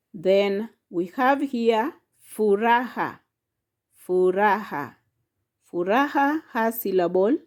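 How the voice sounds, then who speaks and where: A woman's voice: mid-range voice, a little mellow. A woman teaching a language lesson, saying each word and syllable carefully and repeating it. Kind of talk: slow instructional lesson.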